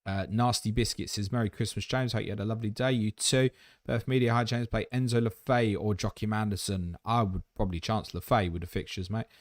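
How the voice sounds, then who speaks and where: Brief: male livestream host, lowish voice, dry close mic, quick blunt banter. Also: fairly even intonation, no echo. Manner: blunt, jokey, reads viewer questions aloud. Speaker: livestream host answering viewer questions. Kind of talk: fast casual livestream Q&A.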